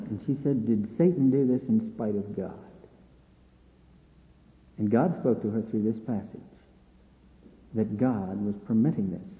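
A man preaching a sermon in a folksy way, acting out the dialogue of the scripture scenes. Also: a little high. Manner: folksy, acts out dialogue between God and Satan. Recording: echoey hall on a tinny lo-fi line.

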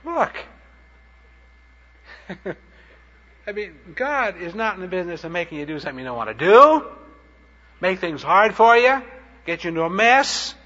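A man's voice: high-pitched, big pitch swings, normal speed, pauses often, pushed and bright. A man preaching a sermon, telling short anecdotes in a plain-spoken, punchy way. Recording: dull lo-fi recording.

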